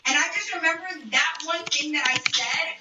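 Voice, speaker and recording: A woman's voice: sits high, moderate pace, highs cut off, very noisy. A young woman streaming from home, telling a story bluntly and profanely, sometimes dropping to a whisper. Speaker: live streamer. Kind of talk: storytime monologue. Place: home room. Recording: roomy distant mic with video audio behind. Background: a video playing in another room.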